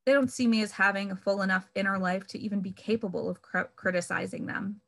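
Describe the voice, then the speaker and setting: A woman reads her own fiction aloud in a measured, wry way, pressing certain words hard. Her voice sits in a middle register with a steady gravelly fry. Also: medium pitch. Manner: measured, wry, pointed emphasis on key words. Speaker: author reading her novel.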